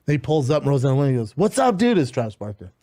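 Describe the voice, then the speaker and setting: A man telling animated, profane anecdotes in casual podcast chat, played from a clip. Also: mid-range voice, racing, no room sound, studio quality. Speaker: podcast guest telling stories.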